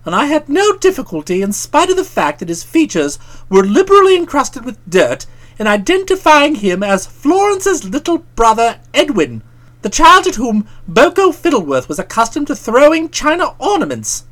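A woman's voice: high-pitched, big pitch swings, moderate pace. A woman narrating a first-person comic audiobook in a wry, theatrical, mock-pompous manner.

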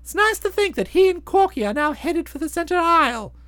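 A woman voicing a chatty, self-satisfied young gentleman in a bouncy, wordy way. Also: very high-pitched, very animated, brisk, no room sound, exaggerated voice. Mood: breezy. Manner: bouncy, wordy, fond of flowery phrases. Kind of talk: audiobook drama, narrating and voicing the hero.

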